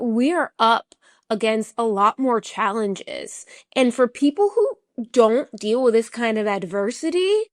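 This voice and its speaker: A woman's voice: a little high, no room sound, studio quality. A young woman speaking as a podcast guest, talking earnestly and reflectively, with frequent "you know" and "like" fillers. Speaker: podcast guest, chronic illness advocate. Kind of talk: candid conversational interview.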